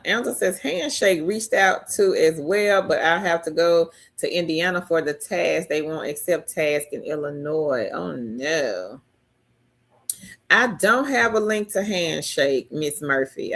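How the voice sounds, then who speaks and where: Slow-talking woman hosting a live chat. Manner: reads viewer comments aloud and answers them, chatty; pitch leaps high when excited. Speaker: live stream host. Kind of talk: casual live-stream chat.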